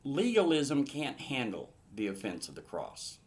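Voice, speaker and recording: A man's voice: mid-range voice, huge pitch swings, unhurried. A man teaching verse by verse through a Bible passage in an earnest manner, rising to emphatic bursts.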